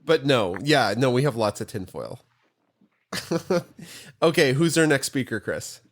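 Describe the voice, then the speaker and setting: A man's voice: medium pitch, animated, unhurried. A man co-hosting a casual live pet chat show, joking and laughing often. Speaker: podcast co-host.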